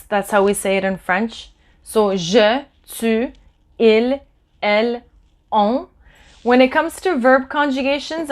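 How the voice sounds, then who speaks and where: Woman French teacher, mid pitch, patient, explains step by step and repeats words slowly. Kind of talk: online language lesson. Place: Los Angeles.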